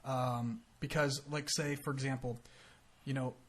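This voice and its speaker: A man's voice: medium pitch, flat delivery, a little slow, slight background noise. An American man co-hosting a casual podcast chat, rambling and acting out quotes in silly voices. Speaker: podcast co-host.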